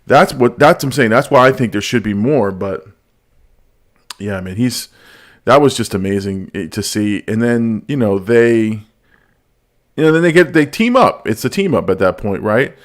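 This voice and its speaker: A man hosting a casual podcast, talking about movies in an animated, storytelling way. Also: medium pitch, normal speed. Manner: animated, storytelling with quoted lines and laughs. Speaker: podcast host. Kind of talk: casual movie review chat.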